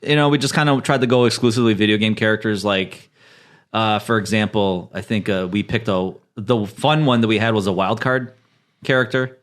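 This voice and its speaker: A man's voice: on the low side, fairly even intonation, brisk. A man appearing as a podcast guest in casual chat, hesitant and full of fillers. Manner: hesitant, many fillers and restarts.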